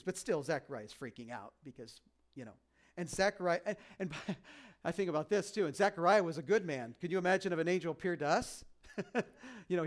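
A man preaching a sermon with self-deprecating humor, acting out the lines he quotes. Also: sits high. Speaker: pastor.

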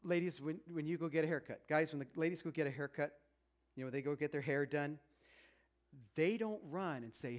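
Man, fifties, high voice, chatty and self-mocking, talking to a seminar crowd. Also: brisk. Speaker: speaker at a marriage seminar. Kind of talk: conversational talk to a live audience.

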